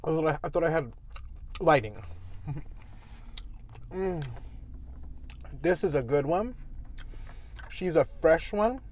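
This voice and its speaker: Slow-talking woman chatting with mouth full. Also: low voice, expressive, a little mellow, a little hiss or hum. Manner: talks with mouth full while chewing; playful, teasing asides to viewers. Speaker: food vlogger. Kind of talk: eating vlog with casual chat.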